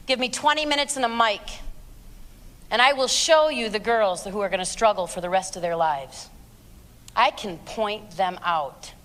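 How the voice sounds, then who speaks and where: A woman in her forties delivers a fiery speech to teenagers and parents. Her voice is high and sharply bright, and it sounds blunt, sarcastic and emphatic. The sound carries a long reverb from a large hall. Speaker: abstinence speaker. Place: large hall with a live audience.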